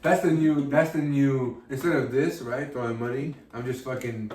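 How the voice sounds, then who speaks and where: A man's voice: mid-range voice, fairly even intonation, moderate pace, darkish tone, a little hiss or hum. A man co-hosting a podcast in casual comedic chat, crude and joking, swearing a lot. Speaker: podcast co-host. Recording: echoey room, mic at a distance.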